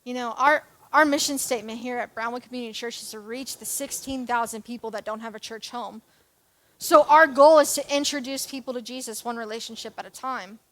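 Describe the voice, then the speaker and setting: A woman's voice: fairly high pitch, a little fast, fairly bright tone. A young adult woman giving a sermon as a church youth leader, chatty and self-deprecating, with jokes and asides.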